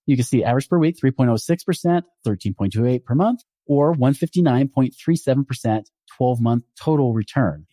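A man talks about money in a casual, emphatic way, his pitch rising and falling with lively swings. His voice is mellow and warm, and the recording is dry and close. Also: no room sound. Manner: animated, emphatic, acts out quoted people. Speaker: podcast host and financial advisor. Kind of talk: casual explanatory talk.

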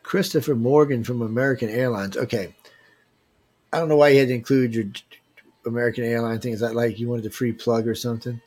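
A man's voice: medium pitch, steady tone, fairly quick, darkish tone. Joking, teasing male livestream host. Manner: joking, teasing, loose with slang. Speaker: livestream host running a giveaway. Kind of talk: casual live chat reading viewer emails.

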